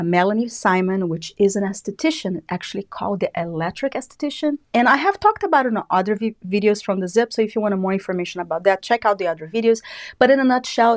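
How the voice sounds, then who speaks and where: A woman with a Brazilian accent hosting a live beauty product review, chatty and enthusiastic. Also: medium pitch. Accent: Brazilian Portuguese. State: a little out of breath. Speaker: beauty channel host.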